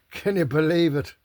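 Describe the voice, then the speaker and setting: A man's voice: a little high, a little mellow, dry recording. A man rambling to camera in a casual, sweary, self-mocking monologue. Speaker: vlogger.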